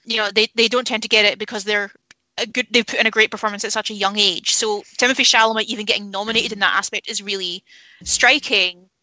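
A woman's voice: mid-range voice, steady tone, quick pace, bright, forceful tone, no echo, rough recording. A woman talking candidly about films in a casual podcast chat, opinionated and swearing freely. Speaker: film podcast panelist.

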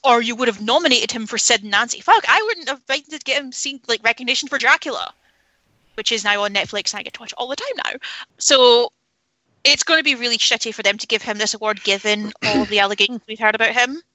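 Bright-voiced, opinionated woman. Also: fairly high pitch, quick pace, no echo, poor audio. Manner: opinionated, candid, swears freely. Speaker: film podcast panelist. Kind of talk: casual chat.

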